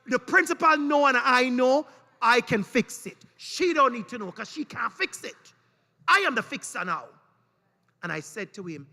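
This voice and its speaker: A Caribbean man with a high, bright, ringing voice gives a preaching-style keynote in a large hall. He tells his stories with animated energy and slips into the voices of the people in them. The long reverb of the hall trails after his words. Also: moderate pace, creaky. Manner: animated storytelling with acted quotes. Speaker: conference speaker. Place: conference hall.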